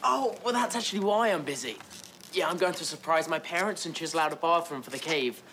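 A woman voicing a young cartoon man, a sweet boyfriend who stammers nervously and gets excitable. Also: low-pitched, fairly quick, a little hiss or hum. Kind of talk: cartoon voice acting.

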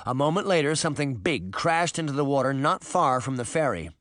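A man narrating an audiobook in an expressive storytelling manner. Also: mid-range voice, fairly quick, no echo, studio quality. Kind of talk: scripted narration.

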